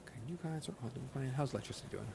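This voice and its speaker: A man's voice: mid-range voice, expressive, very fast, creaky, darkish tone, a little hiss or hum. A man streaming a factory-building game, muttering to himself with playful asides. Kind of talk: casual gameplay commentary.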